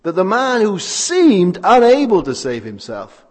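A man's voice: high-pitched, wildly swooping pitch, unhurried, darkish tone. A man preaching a sermon, asking rhetorical tag questions and repeating phrases for emphasis. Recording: hall with long reverb.

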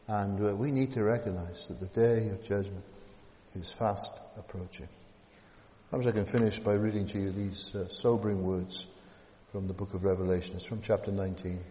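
A man preaching a sermon, moving from loud declaiming to hushed whispers, with casual asides ending in tag questions. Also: mid-range voice. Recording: long hall reverb.

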